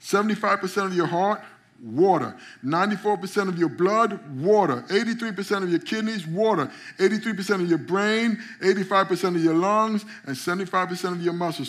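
A man preaching a sermon with a somewhat higher-pitched voice. He builds to emphatic, rising peaks and calls out to his congregation. He often trips over repeated words as he goes. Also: fairly quick, bright, forceful tone. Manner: frequent stammered repeats. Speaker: pastor.

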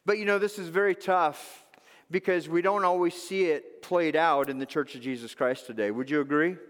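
A man's voice: on the high side, moderate pace, long reverb tail. A man preaching a sermon as pastor, telling a funny story and acting out its parts with animation. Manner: animated storyteller, acts out bits.

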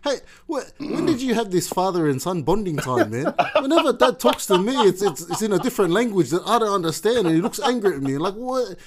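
A man's voice: high voice, brisk, few pauses, a crowd in the background. A man co-hosting a podcast in casual chat, telling jokey stories and laughing often. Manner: animated, joking storyteller who laughs often. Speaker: podcast co-host.

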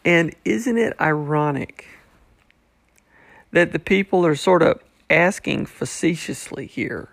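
A man's voice: on the high side, expressive, takes it slowly, creaky, a bit bright, no room sound, clean studio sound. A man teaching a Bible passage who acts out the people's questions in a mocking tone. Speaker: preacher.

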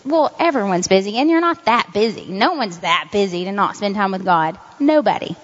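A woman's voice: medium pitch, expressive, moderate pace. Woman, christian speaker, earnest conversational teaching, dull recording, long hall reverb. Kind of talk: informal devotional teaching.

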